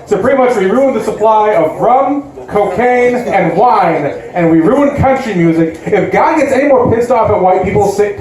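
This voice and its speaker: A man's voice: sits high, a little mellow. A man from Chicago doing a self-deprecating stand-up comedy set, with many likes and uhs. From West Side Chicago. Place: comedy club stage. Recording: echoey comedy club sound. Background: audience laughter.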